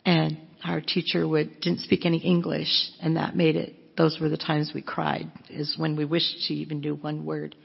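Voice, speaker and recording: A woman's voice: low-pitched, monotone, normal speed, vocal fry, few pauses, slightly rough. A woman giving a chatty, self-mocking storytelling talk as a missionary speaker, laughing often. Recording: dull lo-fi with long hall echo.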